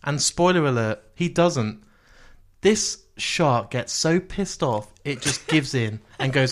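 A man's voice: mid-range voice, lively intonation, takes it slowly. A man, co-hosting a podcast and talking films with playful enthusiasm. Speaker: podcast co-host. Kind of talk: casual film chat.

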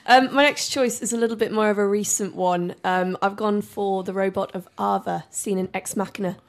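A woman's voice: medium pitch, steady tone, moderate pace. A woman co-hosting a casual podcast chat, chatty with frequent hesitations. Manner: chatty, many "um"s, laughs. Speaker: podcast co-host.

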